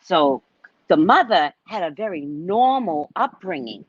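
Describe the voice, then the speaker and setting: Casual livestream host: a woman with a husky voice, dull lo-fi sound, profane storyteller. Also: on the low side, sing-song, measured pace, no room sound. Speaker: psychic reader and host.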